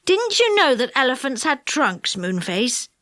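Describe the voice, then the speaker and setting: A sensible, good-humoured boy from a storybook, voiced by a woman reader, speaking plainly. The reading is slow, with a lively, rising and falling pitch. The recording is dry and close. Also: no room sound, heavily acted.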